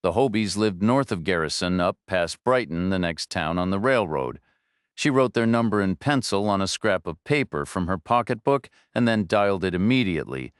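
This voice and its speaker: A man narrating a thriller audiobook in a steady, measured way, close to the mic. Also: low-pitched, clean tone, dry recording.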